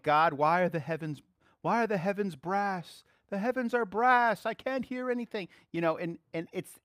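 A man preaches a sermon in a medium-pitched voice with no echo. He swings between soft, quiet asides and loud, excited exclaiming.

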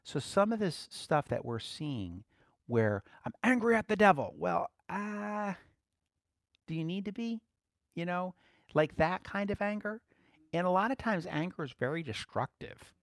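A man giving conversational Bible teaching as a preacher, relaxed, laughing lightly and repeating key phrases. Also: high voice, measured pace, dry recording, clean studio sound.

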